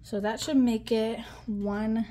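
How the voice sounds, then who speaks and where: Woman vlogger counting bills out loud, chatty, lots of ums, bit of faint noise in back. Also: a little high, steady tone, takes it slowly. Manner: chatty, counts money aloud, frequent ums. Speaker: budgeting vlogger. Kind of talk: casual chat while counting cash.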